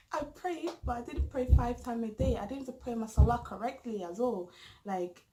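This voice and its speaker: A woman's voice: fairly high pitch, moderate pace, darkish tone, low-quality recording. A young woman, casually telling a storytime vlog with lots of fillers and restarts. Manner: rambling, full of fillers and restarts. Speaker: vlogger.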